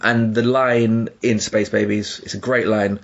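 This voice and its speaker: A man co-hosting a podcast, talking in an animated, emphatic way with laughing asides. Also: on the low side, a little slow, creaky, highs cut off. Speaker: podcast co-host. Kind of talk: casual discussion.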